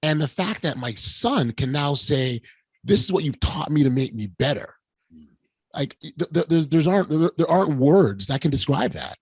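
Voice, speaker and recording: Animated man with stammering restarts. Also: a little high, moderate pace, breathy edge, no echo. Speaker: podcast host. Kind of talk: casual conversation.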